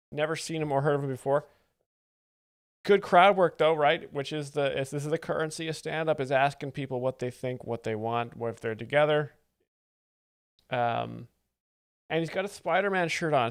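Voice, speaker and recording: Streamer guy making dry amused asides, slightly high voice, dead dry close mic. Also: dry recording. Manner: wry, chatty, amused asides. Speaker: host explaining jokes. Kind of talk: casual reaction commentary.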